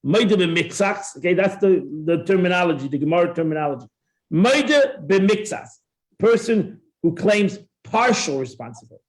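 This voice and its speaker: A man's voice: high voice, expressive, brisk, few pauses. A man teaching a Torah class, acting out both sides of a dispute and often repeating himself as he explains. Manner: repeats words and restarts often. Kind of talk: classroom Talmud lesson.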